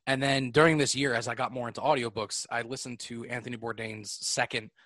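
Young male podcast co-host, bright tone, dry close sound, loose and rambling. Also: mid-range voice, little pitch movement, a little fast, no echo. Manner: rambling, loose, lots of filler words. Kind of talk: casual chat.

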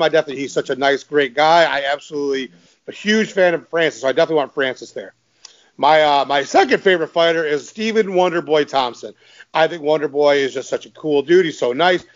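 A man hosts a casual podcast chat, his voice sitting a little higher than most men's. He is enthusiastic, laughs often and stumbles over repeated words. The sound is slightly muffled and lo-fi. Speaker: podcast host.

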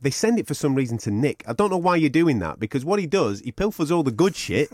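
A man's voice: fairly high pitch, very animated, fast, a little mellow. A man hosting a boxing podcast, cheeky and teasing, swearing freely in casual banter. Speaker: podcast host.

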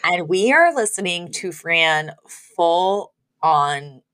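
A woman's voice: on the low side, expressive, slow, a bit bright. Giggly chatty woman podcast co-host. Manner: chatty, filler-heavy storytelling with frequent giggles. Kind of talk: casual podcast chat recapping a TV episode.

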